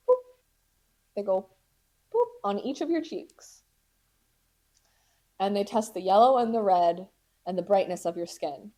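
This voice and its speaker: A woman's voice: medium pitch, darkish tone. A woman in her twenties hosting a podcast, telling a story in casual chat with sarcastic, dramatic asides and acted-out voices. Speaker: podcast host.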